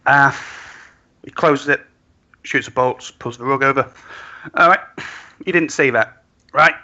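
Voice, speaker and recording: Bright-voiced game master on a call. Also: male voice, mid-range voice, a little slow, highs cut off. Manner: hesitant, filler-heavy. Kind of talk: narrating a tabletop game over voice chat.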